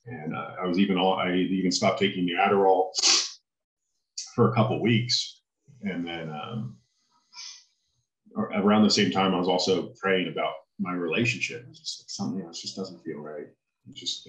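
A man telling his personal faith testimony as an interview guest, in an earnest, halting way. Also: low-pitched, steady tone, roomy sound, dull audio.

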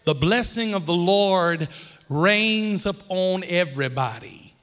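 Pastor, man, slow and bright, sermon with call-and-response and jokes, long hall reverb. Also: high voice, animated. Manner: leads call-and-response with the congregation; joking, playful asides. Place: church hall with congregation.

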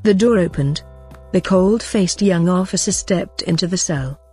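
A woman reads a novel aloud in a measured, even way. Her voice is low and a little husky. Faint music plays underneath. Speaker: audiobook narrator. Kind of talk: scripted narration.

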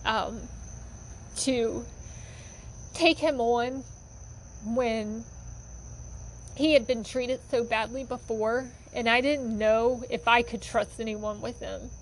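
A woman's voice: on the high side, fairly even intonation, slow pace, long pauses, slight background noise, low-quality recording. A woman telling personal stories about fostering dogs in a chatty, heartfelt way with lots of fillers. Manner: chatty, many fillers, gets emotional. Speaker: dog foster volunteer. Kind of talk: casual storytelling monologue.

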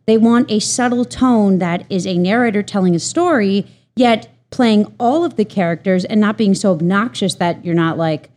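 A woman's voice: medium pitch, normal speed, few pauses, darkish tone. A woman in her thirties, an audiobook narrator, answering interview questions in a chatty, easygoing way.

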